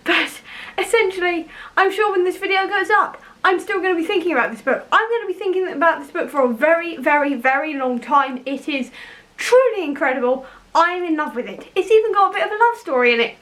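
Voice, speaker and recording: A woman's voice: very high voice, a little fast. Gushing breathless young woman. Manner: gushing, excitable, animated. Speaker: book vlogger. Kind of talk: enthusiastic casual vlog.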